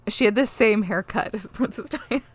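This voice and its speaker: A woman hosting a podcast, retelling a TV episode in a casual, animated way and swearing freely. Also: medium pitch, moderate pace, breathy edge. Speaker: podcast host. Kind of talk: casual chat recapping an episode.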